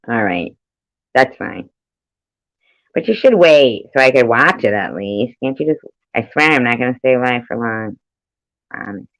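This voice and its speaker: A woman's voice: extremely low pitch, a bit bright, no echo, low-quality recording. A woman chatting casually on a live stream, rambling and swearing freely, laughing often between remarks. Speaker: livestreamer.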